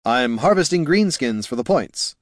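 A man doing a gruff hungover dwarf. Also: expressive, moderate pace, no room sound, studio quality, close to an everyday voice. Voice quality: growling, low.

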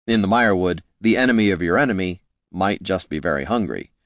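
Man, very low voice, lively intonation, measured wry audiobook narration, dry close sound. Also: no room sound.

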